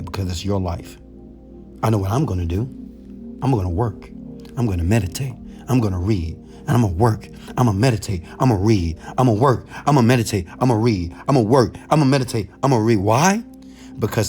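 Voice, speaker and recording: A male motivational speaker delivers a monologue straight to camera, preachy and repetitive. He builds from low, confiding talk up to loud exhortation.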